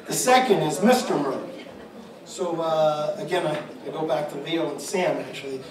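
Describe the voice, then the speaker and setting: A man's voice: a little high, moderate pace, crowd noise. A man, a father, giving a rambling tribute speech to an audience, with frequent restarts and repeated words. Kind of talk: public speech at an event. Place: large echoey room with an audience. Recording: echoey hall audio from a distant mic with background noise.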